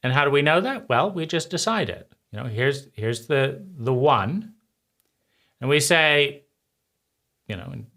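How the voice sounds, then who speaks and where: Man, reflective monologue, very slow pace, bright forward tone, pauses between phrases. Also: mid-range voice, lively intonation. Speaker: channel host.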